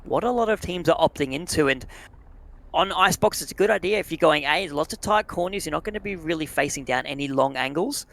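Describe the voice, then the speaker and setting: A man's voice: fairly high pitch, lively intonation, fast, fairly bright tone. A man with an Australian accent giving live, joking play-by-play commentary on a match. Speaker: esports commentator.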